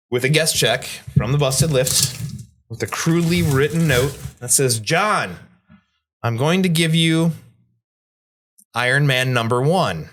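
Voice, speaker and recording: A man's voice: mid-range voice, a bit bright. A man, a bartender guest on a podcast, telling a story casually and acting out the people he quotes in raised voices. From Midwest United States.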